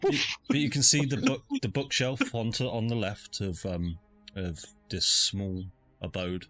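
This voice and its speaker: A man's voice: lowish voice, steady tone, measured pace, fairly bright tone, soft background music. A man narrating a tabletop game as game master, chatty and descriptive with plenty of fillers. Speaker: dungeon master.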